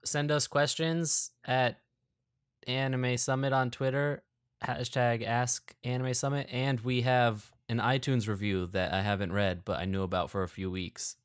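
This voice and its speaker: A man's voice: medium pitch, flat delivery, unhurried, clear, resonant tone. A man hosting a podcast, chatting casually, laughing and plugging the show. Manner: laid-back, laughing, plugs the show. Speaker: podcast host.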